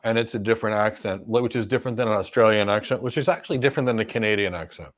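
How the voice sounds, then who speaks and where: A man's voice: on the low side, racing. A middle-aged man with an American accent hosting a live Q&A and giving career advice in an emphatic way, full of rhetorical questions. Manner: emphatic, rhetorical questions, repeats key points. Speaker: cloud career coach and host.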